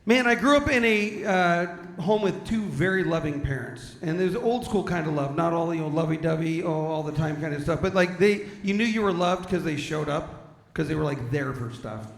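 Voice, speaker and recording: High-voiced stand-up comedian in echoey hall. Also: male voice, normal speed, vocal fry, slight background noise. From San Diego, California. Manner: conversational, self-deprecating storytelling with character voices. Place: large hall with audience.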